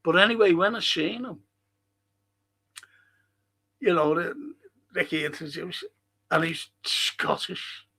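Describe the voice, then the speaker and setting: Older Scouse man hosting a fan podcast live. Rambling, swears a lot, voice sits slightly high. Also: slow pace, long pauses, sharp tone, breathy edge. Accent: Liverpool (Scouse). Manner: rambling, swears freely, reads out chat comments. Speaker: podcast host. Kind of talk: casual live-stream chat.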